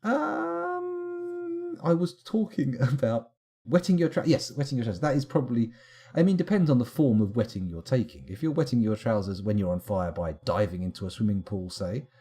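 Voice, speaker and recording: Male streamer, low husky voice, mellow tone, wry rambling asides, live game commentary. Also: big pitch swings, normal speed.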